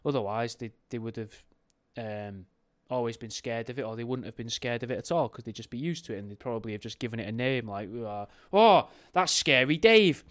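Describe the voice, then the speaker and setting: A man's voice: mid-range voice, fairly even intonation, quick pace, few pauses. A man hosting a podcast in a casual, rambling, jokey way, often correcting himself mid-sentence. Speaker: podcast host.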